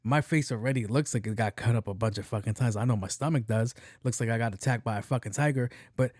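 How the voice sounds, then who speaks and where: A man hosting his own podcast, telling a story in a profane, animated way. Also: mid-range voice, fast, no echo, studio quality. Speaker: podcast host. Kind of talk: casual storytelling monologue.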